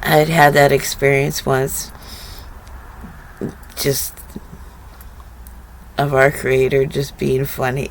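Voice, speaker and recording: A woman sharing reflective spiritual stories in a vlog, often breaking into laughter and getting animated as she retells funny moments. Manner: animated retelling, rising pitch when excited. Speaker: vlogger.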